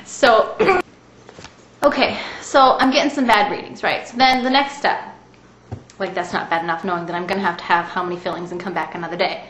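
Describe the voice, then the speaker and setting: A woman's voice: on the low side, brisk, a bit bright. A woman in her thirties casually telling a rambling story to the camera, chatty and often laughing as she goes. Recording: echoey room with faint hiss.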